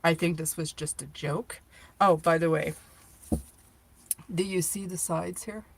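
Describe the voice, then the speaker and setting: A woman's voice: on the low side, steady tone, a little slow. A middle-aged woman hosting a live tarot reading, chatty and playful, joking with viewers as she reads the cards aloud.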